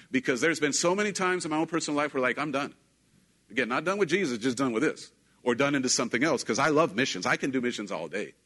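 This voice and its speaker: A man, a pastor, preaching a casual, conversational sermon with self-deprecating humor, getting animated when quoting. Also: medium pitch, fast talker, husky.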